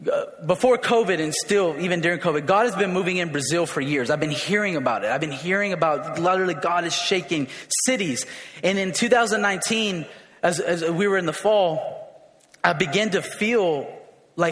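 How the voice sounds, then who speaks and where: A man preaching a sermon, emphatic and repetitive, rising to shouts at his peaks. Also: high voice, normal speed, big-room sound. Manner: emphatic, repeats words, rises to shouts.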